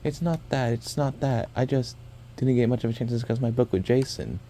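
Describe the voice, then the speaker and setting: A man's voice: mid-range voice, fairly quick, dark tone, a little hiss or hum, pitched above the performer's own voice, close to an everyday voice. A man voicing a shy, anxious young woman who speaks in a timid, apologetic way.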